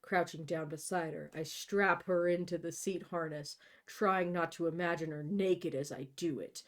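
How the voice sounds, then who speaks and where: A woman host reading a novel aloud in a deadpan way, breaking off for jokey asides. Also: lowish voice, normal speed. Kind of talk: comic read-aloud of a novel.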